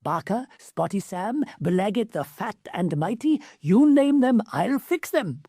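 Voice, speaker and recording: A woman's voice: medium pitch, very animated, measured pace, dark tone, no room sound, clean studio sound, pitched above the performer's own voice. A woman voicing a brash, boastful young male genie in a storybook. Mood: cocky. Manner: brash, boastful, casual slang.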